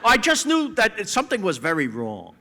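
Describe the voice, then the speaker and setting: High lively storytelling man. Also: normal speed, slight background noise. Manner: laughs often while telling stories, playful self-mockery. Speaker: guest at a live talk event. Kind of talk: animated anecdotal storytelling. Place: stage event in front of an audience.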